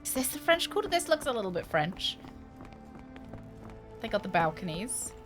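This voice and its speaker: A woman's voice: medium pitch, big pitch swings, moderate pace, over music. A woman from Scotland with a Scottish accent, chatting, joking and swearing casually while streaming a game. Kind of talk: casual gameplay commentary.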